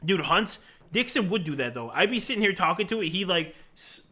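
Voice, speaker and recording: A man streams live and talks casually, rambling from one thought to the next and laughing easily. His voice sits a little high for a man, with a bright, sharp edge. He answers his chat as he goes. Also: animated, brisk. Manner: rambling, chatty, laughs often; answers chat questions as he plays.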